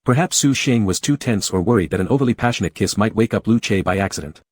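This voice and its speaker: A man narrating a story in a low, slightly husky voice, steady and measured in his delivery. The sound is dry and close, with no room around it. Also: no room sound. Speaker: audiobook narrator. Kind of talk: scripted narration.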